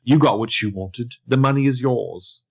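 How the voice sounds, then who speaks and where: A man quoting a scheming woman, hushed. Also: medium pitch, normal speed, creaky, husky. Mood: hushed pleading.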